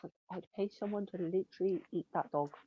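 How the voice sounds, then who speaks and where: A woman's voice: fairly low pitch, fairly quick, slightly rough, no echo, muffled recording. Blunt, sweary woman ranting. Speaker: shop worker telling work stories. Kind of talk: casual chat.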